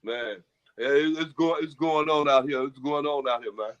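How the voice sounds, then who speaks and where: A man with a fairly high voice rambles through a casual chat, looping back on his own words and dishing out folksy advice. The audio is muffled and lo-fi. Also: moderate pace, fairly bright tone, clean tone.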